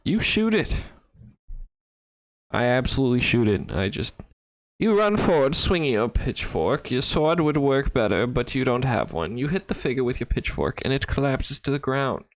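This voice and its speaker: A man playing a text adventure game, reading its lines aloud and adding wry, deadpan comments on a close mic. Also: mid-range voice, moderate pace, dry recording. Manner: wry, deadpan, bursts into laughter. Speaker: gaming YouTuber.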